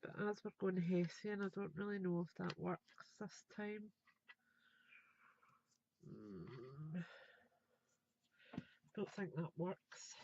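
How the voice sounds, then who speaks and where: A woman's voice: medium pitch, fairly even intonation, normal speed, gravelly, hardly any pauses, darkish tone, muffled recording, a little hiss or hum. A woman, chatting and thinking aloud as she demonstrates a craft project live. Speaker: craft tutor.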